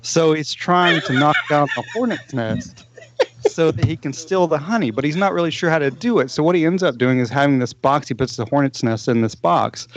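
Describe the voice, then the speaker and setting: A man's voice: fairly high pitch, muffled recording. A man on a casual podcast, rambling through plot retellings with lots of fillers and restarts. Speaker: podcast co-host. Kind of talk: casual movie podcast chat.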